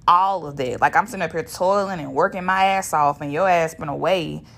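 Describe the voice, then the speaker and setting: A woman's voice: low-pitched, fairly quick, gravelly, fairly bright tone. A woman, hosting a podcast as a blunt, profane solo monologue. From Shreveport, Louisiana, US. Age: 30s. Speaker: podcast host.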